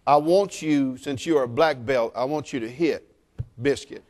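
A middle-aged man preaching at a church service, teasing the congregation with jokes and rising to loud exclamations. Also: mid-range voice, normal speed. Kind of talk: sermon with humorous asides.

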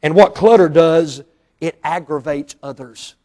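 A man, a Baptist pastor preaching a sermon in a church auditorium, emphatic and swinging between hushed asides and loud outbursts. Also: on the high side, measured pace.

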